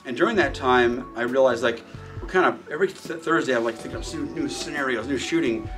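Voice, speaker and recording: A man of middle pitch tells long, rambling stories from his shooting range and swears freely along the way. His voice sounds a bit distant from the mic, with faint music underneath. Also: a little fast. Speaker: shooting range owner and firearms trainer. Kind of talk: casual storytelling in an interview.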